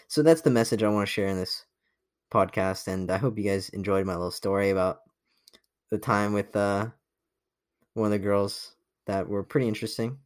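A man's voice: on the low side, fairly even intonation, normal speed, dry recording, studio quality. A young man hosting a podcast, telling a boastful dating story in a cocky, profane, laughing way. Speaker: podcast host. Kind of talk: casual storytelling monologue.

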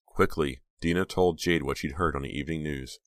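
A man narrating an audiobook in a steady, suspenseful reading. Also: a bass voice, brisk, dry recording, studio quality. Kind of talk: scripted narration.

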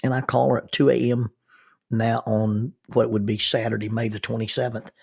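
Husky man telling a story. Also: medium pitch, flat delivery. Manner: earnest, halting with restarts. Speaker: minister. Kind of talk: personal storytelling.

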